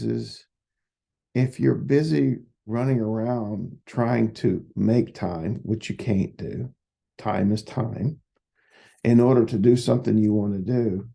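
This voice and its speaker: A man's voice: on the low side, creaky, dark tone, slightly rough. A man who works as a psychotherapist, giving folksy, casual advice and telling stories. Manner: folksy, repetitive, storytelling.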